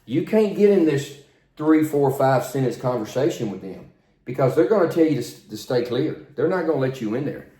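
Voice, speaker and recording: An older man working as a flight instructor, coaching in a plain, steady, repetitive way. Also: mid-range voice, brisk. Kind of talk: spoken instruction, demonstrating radio calls. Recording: roomy echo.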